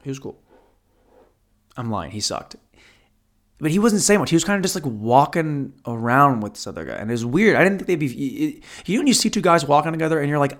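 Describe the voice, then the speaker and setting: A man's voice: on the high side, big pitch swings, fairly quick. A male comedian spinning a long anecdote in a loose, profane, rambling way. He corrects himself mid-story and mocks his own failures. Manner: profane, rambling, self-deprecating. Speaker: stand-up comedian. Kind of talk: stand-up storytelling.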